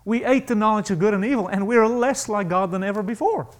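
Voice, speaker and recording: A male pastor preaching a sermon to a congregation, emphatic and animated, acting out the voices he quotes. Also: sits high, a little fast.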